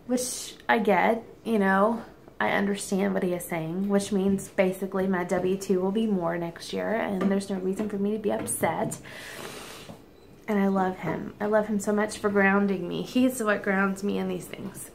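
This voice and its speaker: A middle-aged woman who teaches and vlogs chats candidly from home in a casual personal vlog. Her voice is mid-range and steady, at a moderate pace, with vocal fry, frequent ums, and a little hiss or hum in the audio.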